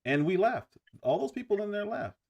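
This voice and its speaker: A man hosting a political talk stream, reacting and agreeing in a relaxed way. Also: sits high, normal speed, vocal fry, muffled recording.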